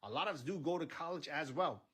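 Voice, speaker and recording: A man's voice: on the high side, lively intonation, fast talker, a bit bright, breathy edge. A man in a rant video, sarcastic and combative, rattling off lists.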